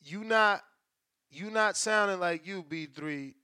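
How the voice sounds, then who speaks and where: Host: man with a high, smooth voice, dry close sound, bantering in slangy, profane talk with callers and viewers. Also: slow, bright, forceful tone, no room sound. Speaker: show host. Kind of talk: casual live-stream call-in show.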